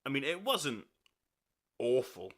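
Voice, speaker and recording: A man hosting a casual podcast, joking and teasing with easy laughs. His voice is bright and forward, and his pitch moves a lot. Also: sing-song, slow pace. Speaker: podcast host.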